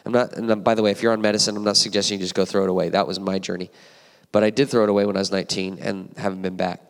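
A man in his forties preaching a heartfelt sermon as a guest preacher, animated and emotional, with asides to the congregation. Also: fairly low pitch. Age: 40s. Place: church sanctuary. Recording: long church hall reverb.

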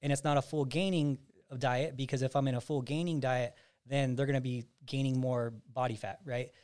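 A man's voice: medium pitch, fairly even intonation, normal speed, darkish tone, clean tone. Man explaining coaching plans at length. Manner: explains at length with frequent restarts. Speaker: physique coach and podcast host. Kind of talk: casual podcast chat.

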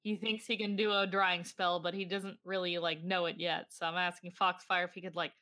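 A woman in a tabletop game with a bright, forward voice. She explains things casually and drops in fillers as she goes. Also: on the low side, level tone, brisk. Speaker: player.

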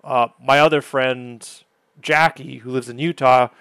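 A man hosts a podcast in casual chat, his voice smooth and resonant on a close, dry mic. He tells his story with animated exasperation. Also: mid-range voice, a little slow, dry recording. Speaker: podcast host.

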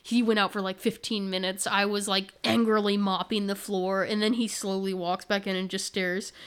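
A woman co-hosting a podcast in relaxed conversation. She tells her stories with animation and laughs easily, her pitch sitting in an ordinary middle range. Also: normal speed, clear, resonant tone. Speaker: podcast co-host. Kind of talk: casual chat.

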